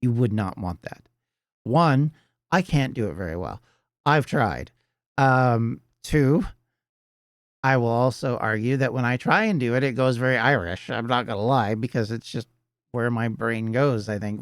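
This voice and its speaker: A man's voice: mid-range voice, no echo, studio quality. A middle-aged Canadian man hosting a podcast, talking earnestly in a rambling solo monologue full of restarts. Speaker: podcast host.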